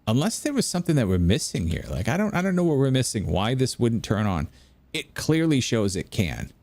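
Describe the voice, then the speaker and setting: A man's voice: medium pitch, sing-song, a little fast, a little mellow, no echo. An American man chatting casually while playing a video game, rambling through stories and restarting his sentences. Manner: rambling, anecdotal, self-interrupting. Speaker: gameplay commentator.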